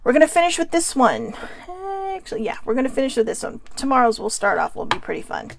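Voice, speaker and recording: Host woman, slightly high and gravelly, candid and self-mocking. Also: very animated, quick pace, no echo. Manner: candid, rambling, self-deprecating. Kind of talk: casual self-help talk.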